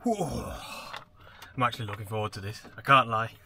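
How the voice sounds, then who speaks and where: A man's voice: lowish voice, lively intonation, brisk, gravelly, bright, forceful tone, a little hiss or hum. Chatty man vlogging outdoors. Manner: chatty and enthusiastic, laughs often. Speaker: landscape photography vlogger. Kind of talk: casual vlog to camera. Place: outdoors by a lake in autumn.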